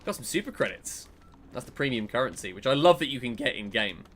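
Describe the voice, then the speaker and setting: Bright-voiced man chatting over gameplay. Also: mid-range voice, quick pace, slight background noise. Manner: chatty, excitable. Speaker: podcast host and streamer. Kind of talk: casual chat while playing a game.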